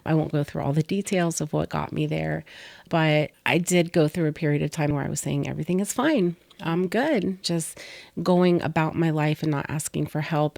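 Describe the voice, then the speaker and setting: A middle-aged woman's low, creaky voice comes through a dry recording as she co-hosts a podcast. Speaking softly and candidly about a personal story, she sometimes drops to a whisper on painful moments.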